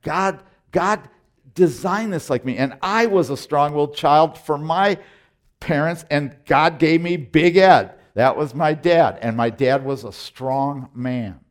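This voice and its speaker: A middle-aged man preaching a sermon as pastor, emphatic, often repeating words and swinging from loud declarations to hushed, tender moments. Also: on the high side, unhurried.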